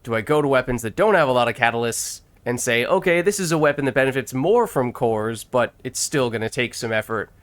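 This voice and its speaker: A man's voice: mid-range voice, fairly quick, few pauses. A man in casual gameplay chat as a streamer, thinking aloud and laughing often. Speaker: gaming streamer.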